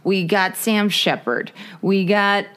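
A woman's voice: medium pitch, takes it slowly, a bit bright, smooth. A woman co-hosting a podcast, chatting casually about movies with lots of laughter and asides to listeners. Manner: chatty, laughs often, addresses listeners as guys. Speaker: podcast co-host. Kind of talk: casual chat.

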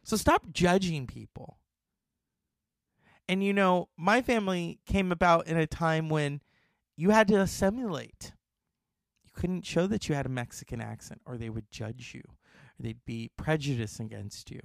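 A man hosting a casual talk show, animated and outspoken, swearing freely. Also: a little high, unhurried, gravelly, dry recording, clean studio sound. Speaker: host.

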